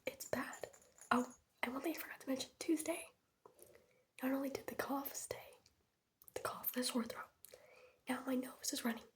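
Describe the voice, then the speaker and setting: Whispering teen girl, sick with a sore throat, rambling ASMR storyteller; slightly high voice. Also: steady tone, normal speed, pauses often. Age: teens. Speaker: ASMR creator. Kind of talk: soft-spoken ASMR rambling. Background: keyboard tapping.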